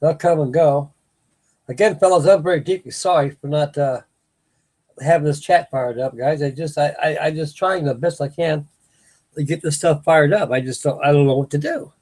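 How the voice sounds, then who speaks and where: Older husky-voiced man rambling. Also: on the high side, moderate pace, darkish tone. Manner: folksy, meandering, restarts sentences. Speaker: host of a live stream. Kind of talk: rambling casual chat to viewers. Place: home at night.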